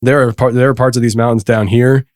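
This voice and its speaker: Rambling, excitable podcast host, a man. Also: mid-range voice, quick pace, no echo, studio quality. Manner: rambling, many restarts, laughs often. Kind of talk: casual conversation.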